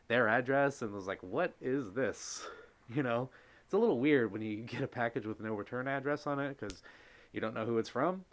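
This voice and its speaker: A man hosting a casual live stream, reading chat comments aloud and reacting in an effusive, gushing way. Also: mid-range voice. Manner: gushing, effusive, exclaims often.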